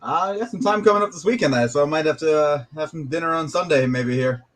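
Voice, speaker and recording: A man's voice: fairly high pitch, fast talker, fairly bright tone. A man co-hosting a podcast in casual chat, easygoing and agreeable. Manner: easygoing, agreeable, laughs along. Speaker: podcast co-host, chef.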